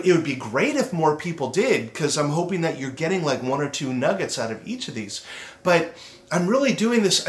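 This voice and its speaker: Middle-aged guy, motivational self-esteem talk, kinda high voice, earnest, slows down to make a point, echoey room. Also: a bit bright. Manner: earnest, slows down to stress points, acts out his inner critic. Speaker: self-esteem speaker and podcast host. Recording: roomy echo.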